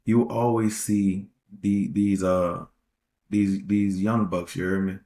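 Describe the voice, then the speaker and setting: Podcast host, male, low voice with gravel, rambling slangy advice, repeats himself. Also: flat delivery, takes it slowly, mellow. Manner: rambling, repeats phrases for emphasis; slangy, street-casual phrasing. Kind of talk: casual relationship-advice monologue.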